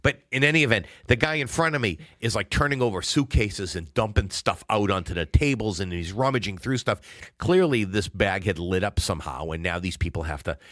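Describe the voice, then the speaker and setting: A man's voice: on the low side, brisk, a bit bright, no echo, studio quality. A middle-aged man co-hosting a podcast, telling a long, rambling anecdote in casual chat. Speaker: podcast co-host.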